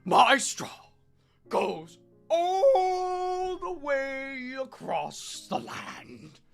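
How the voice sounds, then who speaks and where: A woman doing a comic impression of a gloating, unhinged oilman from a film, growling and shouting. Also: high voice, big pitch swings, gravelly, soft background music, voice pushed up, full character voice. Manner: growling, drawn-out, manic shouting.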